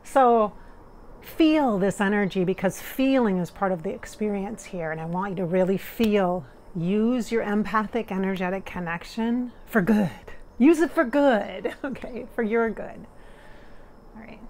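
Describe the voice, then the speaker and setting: A woman's voice: mid-range voice, unhurried, a little mellow. A middle-aged woman working as a spirit medium talks casually to her viewers. She is earnest and emotional, laughs often and tears up. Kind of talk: casual monologue during a channeling session.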